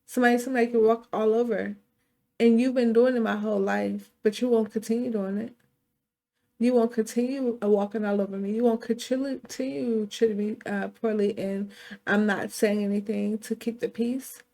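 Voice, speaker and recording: A woman's voice: fairly high pitch, steady tone, normal speed, creaky, warm tone. A woman voicing a bold young woman who talks back to her mother, with blunt, profane comebacks. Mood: defiant. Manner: blunt, profane, sassy clapbacks.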